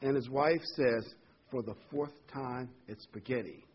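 A man's voice: mid-range voice, measured pace, muffled recording, noisy background. A man preaching a folksy, rambling sermon full of homely examples and corny jokes.

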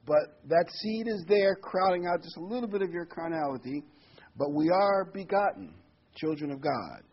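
A man's voice: high-pitched, moderate pace, husky. A man preaching a sermon, reading scripture aloud and explaining it in a conversational way, chuckling now and then. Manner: conversational, chuckles between points, reads verses aloud. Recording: dull, slightly muffled recording.

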